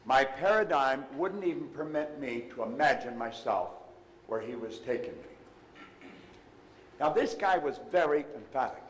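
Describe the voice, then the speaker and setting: An older man giving a motivational talk to a live seminar audience, emphatic, his voice swinging between loud and hushed. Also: mid-range voice, lively intonation, measured pace, big-room sound, a little hiss or hum, poor audio. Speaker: motivational speaker. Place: seminar room before an audience.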